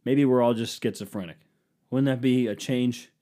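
A man's voice: medium pitch, fairly even intonation, normal speed, mellow. A man telling a comic personal story in a rambling, profane, self-deprecating way. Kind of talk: casual comedic storytelling.

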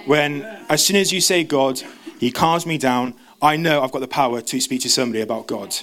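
A man preaching a sermon, talking fast with frequent restarts and stumbles. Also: mid-range voice, a bit bright. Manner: fast, stumbling, self-interrupting.

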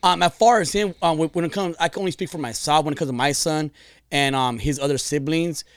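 A man co-hosting a casual, profane podcast chat, telling stories in a relaxed, rambling way. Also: a little high, fast talker. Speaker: podcast co-host.

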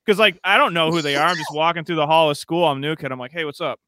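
A man's voice: fairly high pitch, fast, pushed and bright, smooth, dry recording. A man from Michigan co-hosting a casual podcast, telling rambling, profane comic stories and acting out the other people in them. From Metro Detroit, Michigan. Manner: profane, rambling comic storyteller who acts out dialogue. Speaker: podcast co-host.

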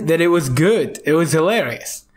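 A man's voice: fairly high pitch, animated, a little slow, slight background noise. A man co-hosting a podcast, joking and poking fun at himself in casual chat. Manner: joking, self-mocking. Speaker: podcast co-host.

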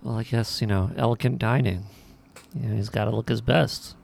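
A man's voice: mid-range voice, a little fast, gravelly, darkish tone. A man co-hosting a podcast, making laid-back, wry remarks about a movie. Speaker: podcast co-host. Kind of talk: casual movie review chat.

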